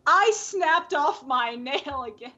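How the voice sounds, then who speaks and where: A woman's voice: high-pitched, lively intonation, takes it slowly, sharp tone. A woman co-hosting a podcast in casual chat, rambling with lots of fillers and frequent laughs. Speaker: podcast co-host. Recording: dull lo-fi call audio.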